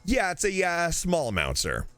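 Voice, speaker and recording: A man's voice: on the high side, wildly swooping pitch, moderate pace, fairly bright tone, no room sound, faint music behind. A man playing an eager, overpolite thirtysomething guy. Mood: chatty. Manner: deferential, keeps calling others sir. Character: eager, overly polite man in his mid-thirties. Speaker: role-play streamer. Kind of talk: game role-play.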